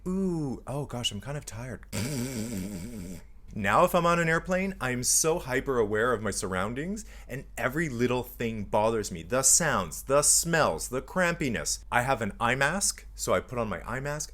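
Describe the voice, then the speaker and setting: Campy, animated man in his forties. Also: medium pitch, moderate pace, hardly any pauses. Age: 40s. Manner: animated, campy, acts out little scenes. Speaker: vlog host. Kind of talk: comedic monologue to camera.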